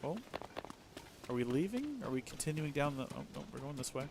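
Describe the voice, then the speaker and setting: A man's voice: mid-range voice, very animated, a little fast, gravelly, noisy background. A man giving casual, rambling commentary while livestreaming a video game, musing aloud and often restarting his sentences. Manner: rambling, chatty, muses aloud with frequent restarts. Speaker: let's play streamer.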